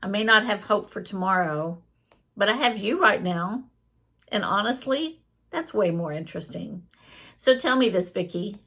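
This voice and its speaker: A woman's voice: medium pitch, expressive, normal speed, fairly bright tone, slightly rough. A woman reading a sarcastic male AI chatbot. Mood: probing.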